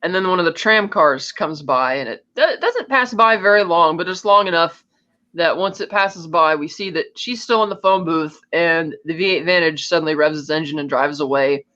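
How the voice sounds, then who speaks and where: In dull lo-fi audio, a co-host on a podcast walks through a movie's story scene by scene in casual conversation, performing the characters' dialogue. The voice is medium-pitched and sharp, moving at a moderate pace.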